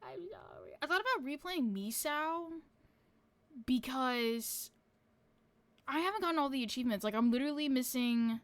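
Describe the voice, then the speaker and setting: A woman's voice: high voice, no room sound. A woman streamer chatting casually to her viewers, rambling with lots of fillers and casual swearing.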